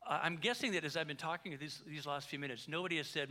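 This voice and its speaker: A male pastor preaches a sermon conversationally, joking on the side and swinging widely between quiet and loud. His voice is on the high side and fast.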